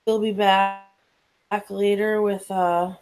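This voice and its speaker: A woman's voice: mid-range voice, flat delivery, slow pace, a little mellow, soft background music, poor audio. A woman asking questions and reporting findings in a tabletop game, hesitant and full of fillers. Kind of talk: casual tabletop game play.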